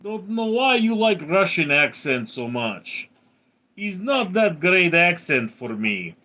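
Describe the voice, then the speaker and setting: A man's voice: sits high, very animated, takes it slowly, sharp tone, voice pushed up, full character voice. A man in his thirties voicing a boastful character with a thick, put-on Russian accent, speaking broken English with dropped articles.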